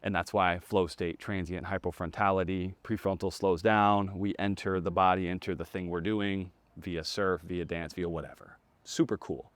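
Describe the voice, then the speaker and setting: A man hosting a podcast, thinking aloud in a reflective, animated way during a casual interview. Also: low-pitched, normal speed, no echo. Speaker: podcast host.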